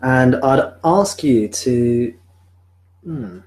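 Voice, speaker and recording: A man, a spiritual teacher, speaking calmly and reflectively at a live-streamed home satsang into a sensitive desk microphone. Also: mid-range voice, rough recording. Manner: calm, reflective, answers viewer questions slowly. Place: home room.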